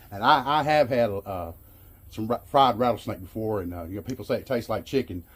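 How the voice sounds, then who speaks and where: Folksy Arkansas man, husky voice. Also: fairly low pitch, normal speed. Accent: Arkansas Southern. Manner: folksy, rambling, self-amused. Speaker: vlogger. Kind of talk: casual DIY vlog talk.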